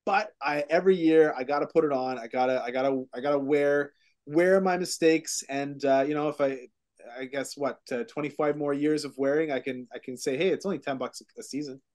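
A man's voice: on the high side, brisk, a little mellow. A man hosting a casual real estate podcast, speaking in a voice that sits a little above the usual male range. He tells stories in a rambling, self-mocking way, full of "uh" and restarts, into a studio microphone. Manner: rambling self-mocking storyteller, many fillers.

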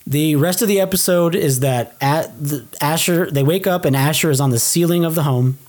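A man's voice: a little high, normal speed. Chatty man recapping a show. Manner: animated retelling, acts out characters' lines. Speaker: podcast co-host. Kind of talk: casual chat recapping a TV show.

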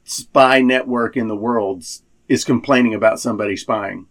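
Gravelly man in casual chat. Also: mid-range voice, steady tone, moderate pace. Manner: wry, talks in restarts.

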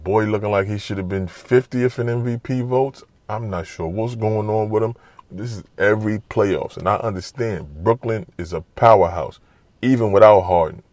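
A man giving a casual, animated, trash-talking basketball monologue full of slang. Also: fairly low pitch, moderate pace, dry recording. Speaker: basketball commentator. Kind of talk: casual sports talk monologue.

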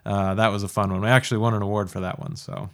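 A man's voice: fairly low pitch, level tone, fast talker, a bit bright. A man hosting a casual podcast chat, easygoing, with plenty of fillers and laughs. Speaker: podcast host.

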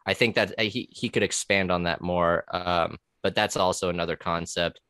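A man's voice: deep voice, fairly even intonation, normal speed, pushed and bright, clear, resonant tone, no room sound, studio quality. A man talking casually on a podcast about his time as a corrections officer. He rambles with many fillers, restarts and curse words.

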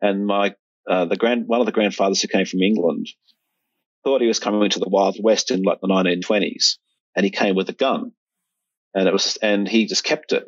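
A man telling a personal story in a casual interview, halting with frequent restarts. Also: deep voice, steady tone, no room sound, dull audio. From Australia.

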